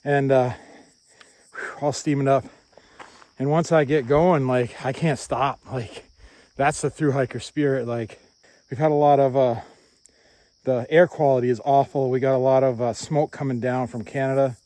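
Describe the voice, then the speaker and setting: A man's voice: medium pitch, steady tone, normal speed, long pauses, dark tone. Upbeat man vlogging outdoors. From New Hampshire, USA. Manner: upbeat, repetitive, laughs often. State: out of breath while walking uphill. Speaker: hiking vlogger. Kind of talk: casual outdoor vlog. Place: outdoors on hilly rural roads and hilltops. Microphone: handheld phone camera.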